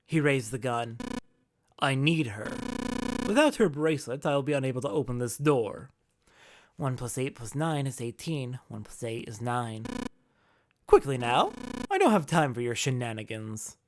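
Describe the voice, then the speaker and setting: A performer doing a slow, gloating male killer. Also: mid-range voice, sing-song, noisy background, natural voice. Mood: taunting. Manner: slow, polished, mocking. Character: cold, sadistic male killer, calm and gloating.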